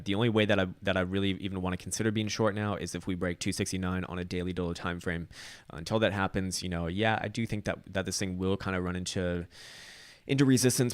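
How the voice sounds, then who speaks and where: A man with a deep, low voice talks through market charts at a brisk clip. He rambles, swears casually and stumbles over restarts and fillers. The sound is dry and close, with no room around it. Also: gravelly, dry recording. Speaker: crypto chart analyst. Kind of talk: casual market analysis commentary.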